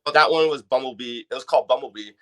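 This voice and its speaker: A man's voice: medium pitch, very fast. A man from Canada, a guest chatting on a podcast about his toy collection in a loose, enthusiastic way. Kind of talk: casual podcast chat.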